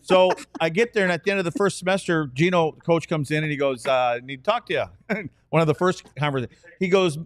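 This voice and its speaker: A man's voice: on the high side, brisk, dry recording. A man in his sixties, a podcast co-host and former player, telling rambling, self-deprecating stories in casual talk. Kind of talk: casual storytelling.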